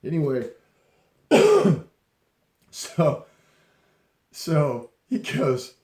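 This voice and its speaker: A man's voice: on the high side, very animated, very slow, pauses often, a little mellow, roomy sound. A middle-aged man telling personal leadership stories in a casual, rambling way, laughing often and restarting his sentences. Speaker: speaker sharing leadership stories. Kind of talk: casual storytelling talk.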